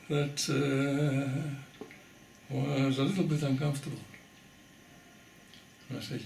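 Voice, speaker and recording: An older man from the Netherlands giving an oral history testimony, telling his story in a measured way and pausing for weight. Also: medium pitch, steady tone, gravelly, a little mellow, reverberant, a little hiss or hum. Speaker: interviewee.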